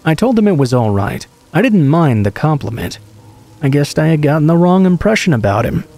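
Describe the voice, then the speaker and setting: A man reading true scary stories aloud in a calm, steady first-person narration. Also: on the high side, brisk. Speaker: horror story narrator.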